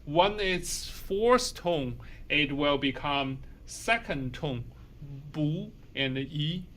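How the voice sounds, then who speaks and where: A man teaching tones in English, slowly and deliberately, drawing out example words. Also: on the high side, lively intonation, fairly bright tone. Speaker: Mandarin teacher. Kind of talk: short video language lesson.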